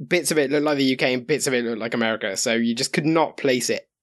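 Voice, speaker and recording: A man's voice: medium pitch, fast. A man co-hosting a podcast, chatting casually about a film with wry jokes. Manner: wry, joking. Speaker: podcast co-host.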